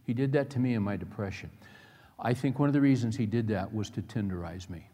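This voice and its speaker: A man's voice: fairly low pitch, brisk, dark tone. A middle-aged male pastor preaching a sermon, telling personal stories in earnest, folksy language. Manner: earnest storytelling with plain folksy phrasing. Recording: long reverb of a large hall.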